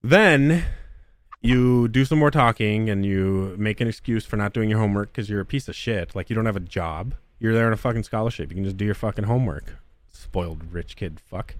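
A man hosts a crude, casual podcast, ranting about a game with nonstop swearing and mockery. His voice is lowish and fairly quick, captured in a clean studio with no echo.

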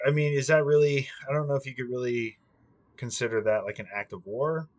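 A man's voice: medium pitch, moderate pace. A young man in casual chat, rambling and swearing freely, with plenty of ums. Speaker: podcast co-host.

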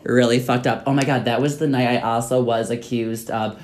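A young man, a tipsy podcast co-host, telling a rambling, animated story full of swearing. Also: medium pitch, brisk. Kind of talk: casual storytelling chat.

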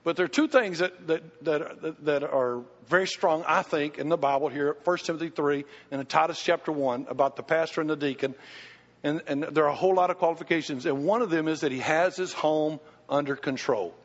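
A man's voice: fairly high pitch, brisk. An older man, a pastor answering questions from his congregation and telling stories with acted-out voices. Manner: animated storytelling, acts out quoted voices. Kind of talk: church Q&A teaching. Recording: muffled hall recording.

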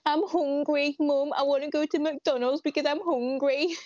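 A woman's voice: sits high, steady tone, normal speed, darkish tone, dry recording, pitched above the performer's own voice, close to an everyday voice. A young woman putting on a Birmingham accent to play a hungry, whiny teenage girl. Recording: dull lo-fi video call.

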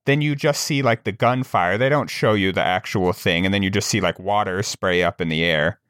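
A man with a low voice talks casually on a podcast. He tells a long, rambling story with plenty of fillers and restarts, recorded dry and close to the mic. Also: normal speed, a bit bright, no echo. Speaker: podcast co-host. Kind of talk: casual chat.

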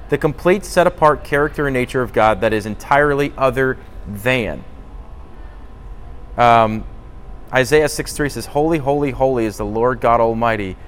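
A man's voice: medium pitch, a little hiss or hum. Earnest man teaching the Bible informally. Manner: earnest, thinking aloud, frequent restarts.

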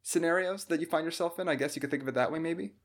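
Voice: medium pitch, rapid-fire. A podcast host who sums up the guest's points and asks curious follow-up questions, now and then with a playful joke. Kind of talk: casual podcast interview.

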